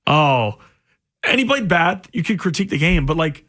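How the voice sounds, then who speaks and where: Higher-voiced male sports radio co-host. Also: big pitch swings, normal speed, fairly bright tone. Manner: blunt, exasperated opinions. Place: radio studio. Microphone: studio microphone.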